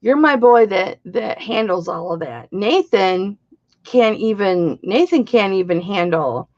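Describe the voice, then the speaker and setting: Slow, chatty middle-aged woman selling jewelry. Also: mid-range voice, animated, darkish tone, highs cut off. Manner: chatty, bawdy, greets viewers by name. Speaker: live-stream jewelry seller. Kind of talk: live-stream auction chat.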